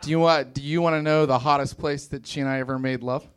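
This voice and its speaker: On a club stage, a young man from West Virginia performs stand-up, animated and self-mocking, slipping into exaggerated voices. He talks quickly in a smooth, mid-range voice.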